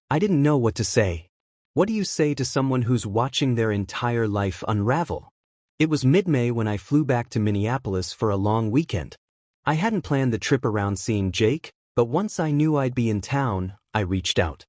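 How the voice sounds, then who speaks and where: A man telling a first-person story in a measured, reflective voice, steady from line to line. His pitch sits in a middling range, and the sound is dry and close. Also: no room sound.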